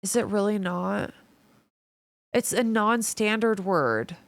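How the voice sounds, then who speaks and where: A woman's voice: medium pitch, expressive, takes it slowly, no echo. Chatty Midwestern woman streamer. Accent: Midwestern American. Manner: chatty, reads viewer messages aloud and swears casually. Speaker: livestreamer. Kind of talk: casual chat with viewers.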